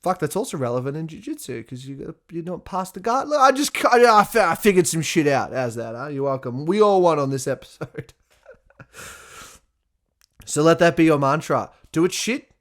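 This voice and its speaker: A man's voice: fairly high pitch, fairly quick. A man hosting a podcast, talking casually and profanely, telling stories with laughter and acting out his own past words. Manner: profane, animated storytelling with laughs and acted-out quotes. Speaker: podcast host. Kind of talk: casual solo podcast monologue.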